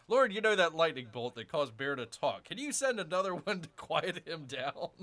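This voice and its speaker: A man streaming a game, chatting casually and excitably, often calling his viewers "people". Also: a little high, measured pace. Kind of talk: casual livestream chat.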